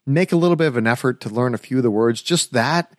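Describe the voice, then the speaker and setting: A man's voice: mid-range voice, fast talker, dry recording, clean studio sound. Chatty American man hosting an interview. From United States. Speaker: podcast host. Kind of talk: casual interview.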